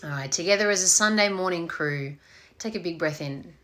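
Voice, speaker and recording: A woman's voice: lowish voice, brisk, a bit bright, soft background music. A woman meditation teacher in a casual, playful talk, swearing freely and acting out voices before guiding a meditation.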